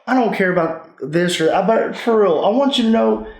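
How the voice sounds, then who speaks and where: A man's voice: high-pitched, fairly quick, vocal fry, darkish tone. A man, hosting a casual podcast chat in a laid-back way. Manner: laid-back, uses like and um a lot. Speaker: podcast host. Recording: echoey room.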